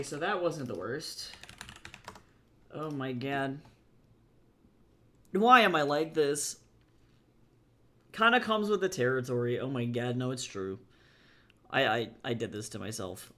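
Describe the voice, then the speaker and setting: A man streaming as a webcomic artist, chatting casually and thinking out loud in a rambling, self-deprecating way as he works. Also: medium pitch, big pitch swings, a little slow, pauses often. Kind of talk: casual livestream chat while drawing.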